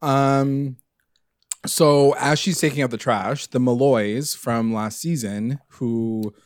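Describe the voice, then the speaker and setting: Young dude rambling thru a tv recap, lots of likes and ums, mid pitch, dry. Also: male voice, slow pace, no room sound. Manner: rambling, filler-heavy, animated retelling with swearing. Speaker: podcast co-host recapping a TV episode. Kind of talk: casual chat.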